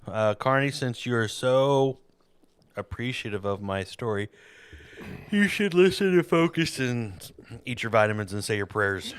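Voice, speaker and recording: A man's voice: lowish voice, clear, resonant tone, no echo. A man hosting a podcast in casual chat, rambling and jokey with a self-deprecating streak. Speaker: podcast host.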